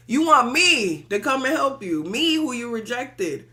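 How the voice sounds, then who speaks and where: A woman's voice: fairly high pitch, sing-song, very fast, voice pushed up. A woman voicing a proud, offended male healing spirit who mocks those who rejected him. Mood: scornful. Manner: mocking, loud and indignant.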